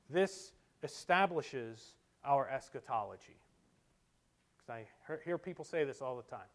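A man preaching a sermon, moving between loud emphatic delivery and quiet, low asides. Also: animated, unhurried. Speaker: pastor.

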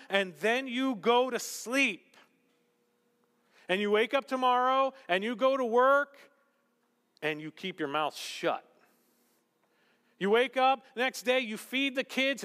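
Animated preacher in an echoing hall. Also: male voice, high voice. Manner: animated, acts out quotes with shifts to hushed whispers. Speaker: pastor. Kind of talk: sermon.

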